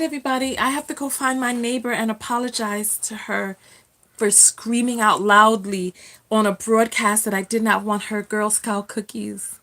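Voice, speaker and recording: A woman's voice: fairly high pitch, fairly bright tone. A woman hosting a casual live stream from home, chatting with viewers, reading their comments aloud and laughing often.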